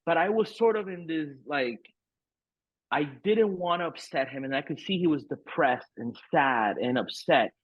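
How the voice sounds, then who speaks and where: On a tinny, phone-like line that's completely dry, a middle-aged man tells a candid, meandering podcast story, swearing freely and leaning on fillers in a frank, profane manner. His fairly high pitch carries lively intonation at a moderate pace, with a slightly rough edge.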